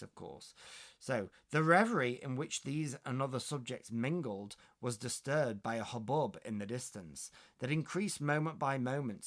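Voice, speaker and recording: A man's voice: medium pitch, fairly bright tone. A man reading an extract from a classic novel aloud and explaining it in a hesitant way, with many fillers. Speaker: literature video host.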